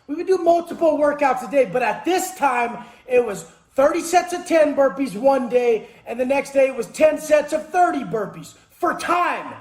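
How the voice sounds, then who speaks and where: A man delivering a profane motivational monologue. He speaks intensely and forcefully, swears constantly and bursts into shouts. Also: very high-pitched. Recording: echoey room.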